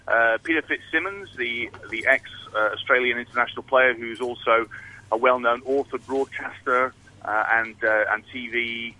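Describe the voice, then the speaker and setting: Man, radio guest, very bright forceful tone, halting, lots of ums and restarts. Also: medium pitch, steady tone, low-quality recording. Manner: hesitant, many fillers and restarts. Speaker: rugby guest. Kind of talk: casual radio chat.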